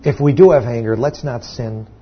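A man's voice: mid-range voice, moderate pace, slightly rough, highs cut off. A man preaching a sermon to his church, talking in a conversational way with restarts and sudden emphatic peaks. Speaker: pastor.

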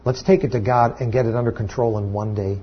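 A man's voice: medium pitch, steady tone, fast, muffled recording, a little hiss or hum. A man preaching a sermon to his church, talking in a conversational way with restarts and sudden emphatic peaks. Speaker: pastor.

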